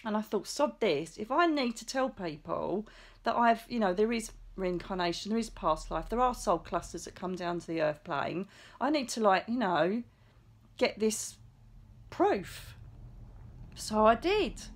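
A middle-aged woman tells a personal story in casual monologue. She is excitable and chatty, swears now and then, and acts out the lines she quotes. Her voice sits at an ordinary middle pitch. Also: measured pace. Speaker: psychic medium vlogger.

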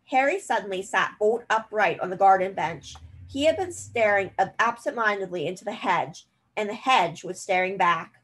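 A woman reading a novel aloud in a steady, expressive storytelling manner. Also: medium pitch, normal speed, slightly rough, poor audio. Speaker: reader.

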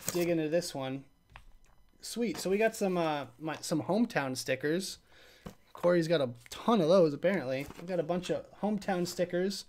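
A man's voice: fairly high pitch, a little mellow, a little hiss or hum. Chatty man hosting a live stream. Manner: chatty and rambling, reacts to chat, trails off and restarts. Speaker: host of a live vape review show. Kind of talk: casual live-stream chat, unboxing mail.

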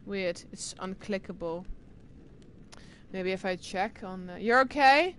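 A woman streamer chatting casually with her live viewers, excitable and talkative as she answers chat. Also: medium pitch, unhurried, a little hiss or hum. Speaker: game streamer.

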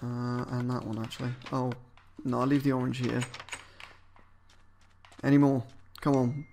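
A man giving casual gameplay commentary as a let's-player, swearing a lot and muttering and yelling at game enemies. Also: mid-range voice, flat delivery, normal speed, creaky, a little hiss or hum.

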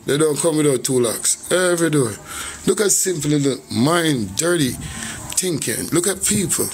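A Jamaican man talks casually into his phone on a live stream, shouting out viewers and breaking into hummed scat syllables. His voice sits fairly high for a man, with faint music playing behind him. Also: expressive, moderate pace. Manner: shouts out viewers, hums and scats between lines.

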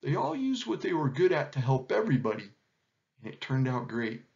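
Teacher reading aloud, lively man. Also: mid-range voice, a little fast, gravelly, dull audio. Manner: gentle, explaining, asking questions. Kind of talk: storybook reading and lesson.

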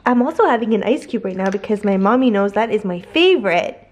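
A woman voicing her cheerful young female puppy in slow, high baby talk. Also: expressive, a little mellow, a little hiss or hum, lightly acted.

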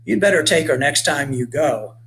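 A man's voice: a little high, lively intonation, moderate pace, fairly bright tone, slight background noise. A man voicing a jolly, teasing old grandfather in a children's story.

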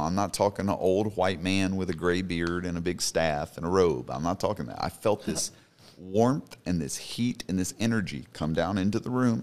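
A man in his thirties, a podcast guest, telling his personal story in an earnest, emphatic way. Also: deep voice. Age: 30s. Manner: earnest, emphatic, repeats for stress.

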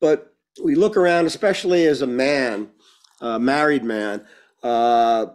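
A man's voice: mid-range voice, unhurried. A man as guest in a conversational interview, telling stories with jokes and asides. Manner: animated storyteller, jokes and asides. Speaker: guest speaker.

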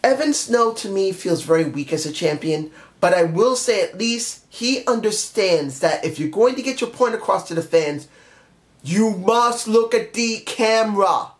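A man's voice: high-pitched, lively intonation, normal speed. A man reviewing a wrestling show in a casual spoken style, blunt and exasperated, firing off repeated questions.

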